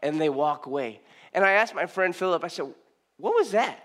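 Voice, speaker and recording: A man from Southern California delivers a story-driven sermon to a congregation in a voice that sits high for a man. He talks in an animated way, acts out the voices of the people in his stories and often restarts his sentences mid-thought. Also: a little fast. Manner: animated, acts out quoted speech, frequent restarts. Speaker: preacher. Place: in front of a live congregation.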